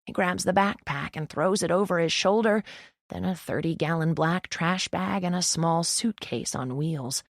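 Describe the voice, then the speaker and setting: A young woman narrating an audiobook in the first person, with wry, deadpan asides, close to the mic. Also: on the low side, moderate pace, dry recording.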